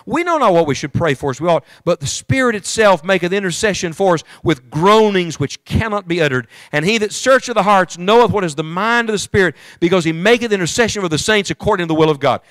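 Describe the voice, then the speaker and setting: A man's voice: high-pitched, expressive, quick pace, few pauses, a bit bright, no echo. A middle-aged man preaching a sermon to a congregation, fervent and speaking to them directly. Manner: fervent, rising and falling, addresses the congregation directly. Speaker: evangelist preacher. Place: church.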